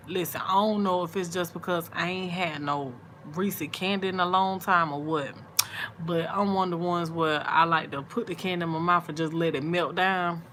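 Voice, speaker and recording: A middle-aged woman talks on a late-night livestream, sleepy and yawning. Her voice sits a little low, and she draws her words out in an easy, chatty way with soft murmured asides. A faint hiss runs underneath. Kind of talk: casual late-night chat with viewers.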